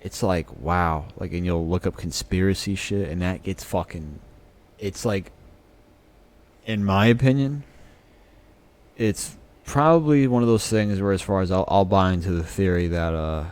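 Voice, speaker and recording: A man's voice: low-pitched, darkish tone, clean tone. A man co-hosting a podcast in casual chat, swearing freely and rambling as he jokes around. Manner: profane, rambling, quick to joke. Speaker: podcast co-host.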